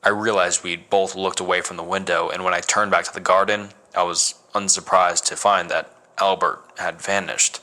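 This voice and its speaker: A man reading a first-person horror story as narrator, measured and dramatic. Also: deep voice, flat delivery, bright, forceful tone.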